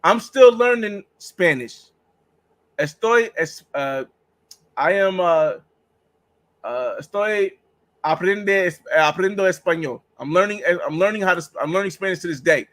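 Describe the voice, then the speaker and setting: A man's voice: high voice, animated, unhurried, a bit bright, low-quality recording. A man hosting a travel vlog, chatting casually and rambling through stories with acted-out exchanges. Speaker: travel vlogger host. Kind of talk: casual livestream chat.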